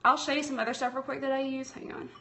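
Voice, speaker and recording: Hosting a laid-back painting livestream from her tablet's streaming app, a Southern woman from Tennessee talks fast in a slightly high voice over soft background music. She's chatty and friendly while she works, reading out comments and addressing viewers as y'all.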